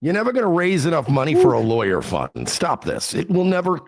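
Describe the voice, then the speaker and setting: A man hosting a radio show, teasing a caller in a sarcastic, drawn-out way. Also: a little high, wildly swooping pitch, dry recording, clean studio sound. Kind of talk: mocking talk radio banter.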